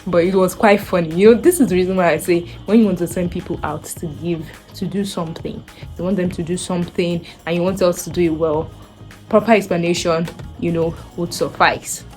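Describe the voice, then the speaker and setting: Brief: young Nigerian woman, chatty vlogger, lively storytelling, faint music under her voice. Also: fairly low pitch, fairly quick. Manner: animated, acts out quoted voices. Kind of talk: casual storytelling to camera.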